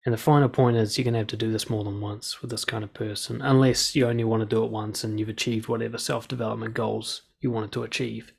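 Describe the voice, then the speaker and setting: A man with a gravelly, slightly husky voice gives blunt, direct advice and swears freely. He talks straight to the listener and acts out quoted lines as he goes. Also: on the low side, little pitch movement, fast, hardly any pauses. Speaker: dating and confidence coach.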